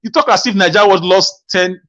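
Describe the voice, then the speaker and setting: A man's voice: fairly quick, a bit bright. A man calling into a live talk show, speaking earnestly with frequent stammering restarts. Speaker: caller. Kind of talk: call-in comment. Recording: muffled low-fidelity line.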